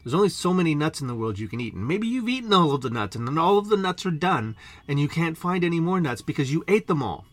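A man's voice: on the high side, sing-song, quick pace. A man doing a laid-back rambling penguin. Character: laid-back little male penguin, dude talk.

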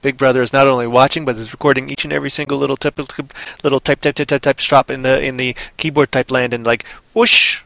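A playful, rambling man co-hosting an online talk show. His voice sits at a middle pitch. It is recorded dry and close, and he often trails off into low mumbles. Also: steady tone, fast, creaky, pushed and bright, dry recording. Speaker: podcast co-host. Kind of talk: casual chat show banter.

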